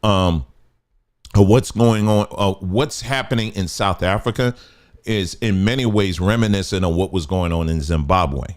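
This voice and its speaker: This livestream host has a low-sitting voice and a moderate pace. He comments emphatically, going back over his points and posing rhetorical questions.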